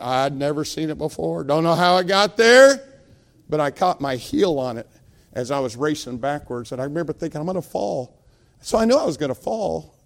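A middle-aged man preaching to a congregation, with a high voice and a gravelly rasp. He tells his story in an animated way, acting out each voice and laughing along as he goes. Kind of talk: storytelling sermon.

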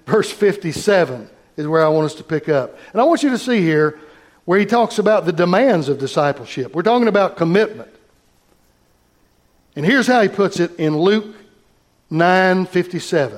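A man pastor preaching a sermon, reading scripture aloud and talking directly to his congregation. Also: on the high side.

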